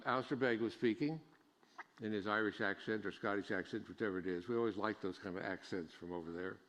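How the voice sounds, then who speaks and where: A man's voice: on the low side, fairly bright tone. A middle-aged man preaching a sermon as pastor, folksy and joking, rising to emphatic preaching. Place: church sanctuary. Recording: long church reverb.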